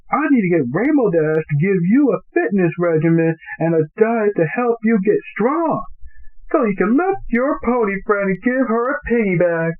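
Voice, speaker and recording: A bubbly, teasing cartoon pony mare, as a man puts her on. Her falsetto leaps high and swings wildly, and the audio sounds tinny and phone-like. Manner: shrill jumps up into falsetto. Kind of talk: amateur fan fiction reading.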